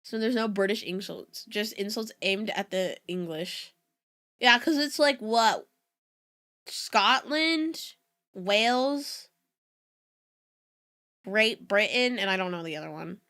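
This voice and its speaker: A woman's voice: mid-range voice, slow pace, pauses often, fairly bright tone. A young adult woman, a native Spanish speaker, chatting casually with her stream audience, rambling and giggling between asides. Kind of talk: casual reaction-stream chat.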